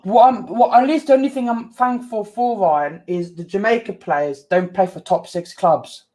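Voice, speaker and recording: A man's voice: sits high, moderate pace. A man co-hosting a livestream, talking defensively and repeating himself. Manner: defensive, keeps repeating "calm down". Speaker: stream co-host. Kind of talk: heated livestream chat.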